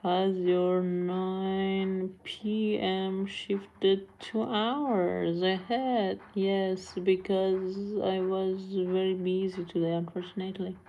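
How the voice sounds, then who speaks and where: A woman's voice: medium pitch, flat delivery, slow pace, hardly any pauses, highs cut off, a little hiss or hum. A woman live streamer chatting casually with viewers, blunt and scolding, answering comments and switching between languages.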